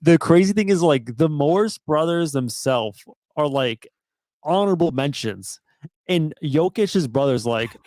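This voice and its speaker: A man co-hosting a sports podcast, chatting in a relaxed, wry way. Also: on the high side, measured pace, no room sound. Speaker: podcast co-host. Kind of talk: casual sports chat.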